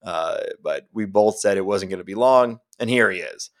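A man's voice: on the low side, moderate pace. A man co-hosting a sports podcast, chatting casually and laughing easily. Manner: laughs easily, loose and joking. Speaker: podcast co-host.

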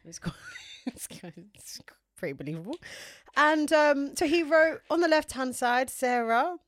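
Speaking unhurriedly in a high register, this podcast co-host from London keeps things casual. She tells lively stories and performs the dialogue herself, and the recording is dry.

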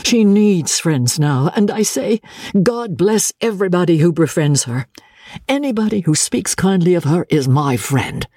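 A woman's voice: very deep voice, big pitch swings, moderate pace, dark tone, husky, no echo, studio quality, full character voice. A woman reading an audiobook, voicing a bold young army captain who speaks fiercely and haughtily. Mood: fervent.

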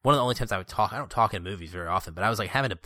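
A man in his thirties hosting a podcast, chatting casually and excitedly about a film with fillers. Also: lowish voice, rapid-fire, no room sound. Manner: animated, excitable storytelling with filler words. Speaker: podcast host. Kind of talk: casual movie review chat.

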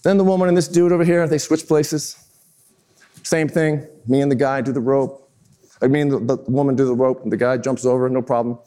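A man in his fifties giving a storytelling talk to business leaders, animated and self-mocking as he acts out scenes. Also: mid-range voice, a little fast. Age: 50s. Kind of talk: keynote-style storytelling talk.

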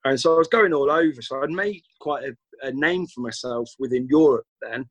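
A man's voice: mid-range voice, moderate pace, no echo, highs cut off. A British man from the UK, a guest telling long, rambling anecdotes in a casual chat, often acting out the lines people said to him. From United Kingdom. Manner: rambling, anecdotal, acts out quoted dialogue.

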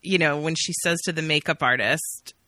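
A woman's voice: low voice, normal speed, bright, forceful tone, no room sound, clean studio sound. A woman guest on a podcast in casual chat, retelling scenes earnestly and emphatically.

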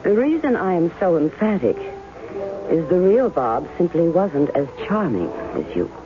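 An actress playing a guarded woman testing a man who claims to be her ex-husband in a 1970s radio drama, cool and sharp. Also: fairly low pitch, big pitch swings, moderate pace. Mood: accusing. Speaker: radio drama actor and first-person narrator. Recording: tinny old radio broadcast with faint music.

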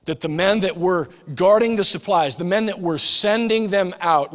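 Pastor in his forties, preaching with a lively, joking storyteller's touch; voice sits a bit high and rings out in a reverberant church hall. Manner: storytelling with humor, acts out quoted voices. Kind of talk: sermon. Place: church sanctuary.

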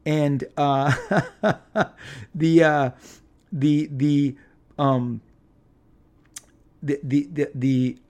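A middle-aged man from Southern California, a comic book artist telling a casual anecdote, animated and rambling, with lots of fillers and restarts. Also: on the high side, extremely slow, pauses often.

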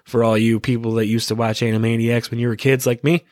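A man's voice: medium pitch, flat delivery, fast, darkish tone, dry recording, clean studio sound. A man in his thirties hosting a podcast, rambling casually in a laid-back, giggly, stoned way. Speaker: podcast host.

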